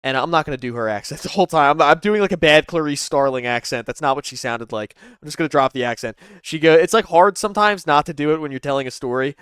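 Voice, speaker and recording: Smooth-voiced man telling a profane story. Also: fairly high pitch, fast talker, hardly any pauses, no room sound, clean studio sound. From Philadelphia area. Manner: profane, animated anecdote-telling. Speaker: channel host commenting on clips. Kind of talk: casual storytelling commentary.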